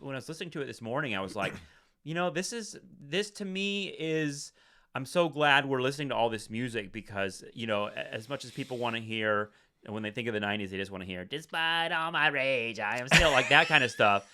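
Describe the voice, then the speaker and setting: A man's voice: mid-range voice, lively intonation, a little fast, pushed and bright. A man co-hosting a casual music podcast, talking in an easygoing, wry way. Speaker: podcast co-host.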